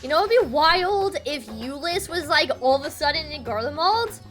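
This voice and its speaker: Excitable young woman game streamer. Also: sits high, normal speed, soft background music. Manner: excitable, chatty, gushing. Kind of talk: casual live-stream chat.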